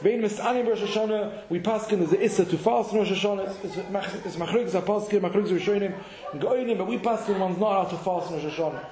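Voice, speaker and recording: A man giving a halachic lesson to a class, halting and repeating words as he mixes in Hebrew and Yiddish terms. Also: sits high, crowd noise. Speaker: Torah teacher. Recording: echoey room.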